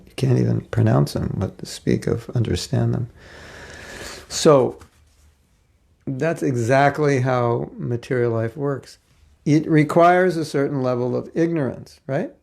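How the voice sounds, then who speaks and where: A man's voice: mid-range voice, vocal fry, mellow. A man giving a spiritual lecture class in a conversational way, asking rhetorical questions and acting out quotes. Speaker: spiritual teacher.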